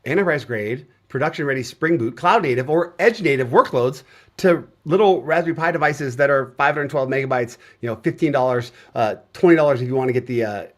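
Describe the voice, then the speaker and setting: Middle-aged man, casual guest, talks through his ideas with many fillers, average pitch. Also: a little fast. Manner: relaxed storytelling with frequent "uh" fillers. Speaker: guest software developer. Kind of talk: casual conversation on a video show.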